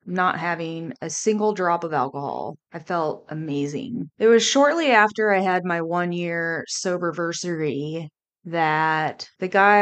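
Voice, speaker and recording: A woman hosting a podcast, candidly and reflectively telling a personal story in a relaxed, conversational way. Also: lowish voice. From Kansas City area. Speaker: podcast host.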